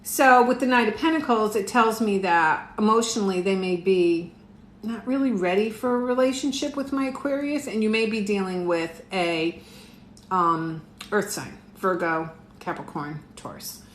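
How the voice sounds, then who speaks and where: A middle-aged woman with a medium-pitched, fairly bright voice gives a casual live tarot reading from a room in her home. She chats with viewers and laughs often, in an echoey room with faint noise.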